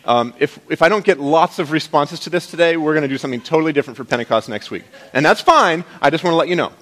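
A man's voice: a little high, expressive, quick pace, a bit bright. Man preaching a playful, conversational sermon. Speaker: pastor.

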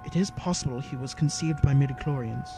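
Guy doing a calm older warrior monk, serious and respectful, soft music behind, audiobook. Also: medium pitch, lightly acted. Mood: earnest. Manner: grave, measured, respectful.

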